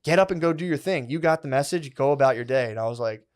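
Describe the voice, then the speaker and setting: A man hosting a casual podcast, rambling through a story with constant swearing and "dude" and "like". His voice sits at an ordinary middle pitch. He slips in and out of quoted voices as he talks. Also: quick pace. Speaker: podcast host.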